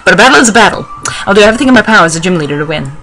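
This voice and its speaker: A woman voicing a stern middle-aged male gym leader who is a father, reading game text quickly in a flat tone. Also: medium pitch, a little hiss or hum, rough recording. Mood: formal.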